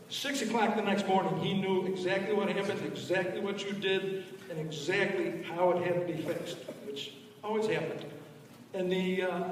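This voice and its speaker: A man's voice: sits high, slight background noise. A man in his sixties, an attorney, giving a good-humoured tribute speech. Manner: plain, good-humoured storytelling. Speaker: attorney, speaker at a celebration. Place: large event hall. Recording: echoey hall, distant mic.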